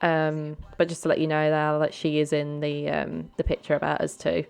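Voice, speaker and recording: A woman voicing a gentle devoted girlfriend. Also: low-pitched, monotone, moderate pace, creaky, clean tone. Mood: reassuring.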